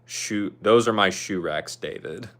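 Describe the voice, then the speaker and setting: A man's voice: lowish voice, a little slow, fairly bright tone. A young man hosting a casual livestream from his bedroom, reading viewers' comments aloud and answering each one by name. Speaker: livestream host.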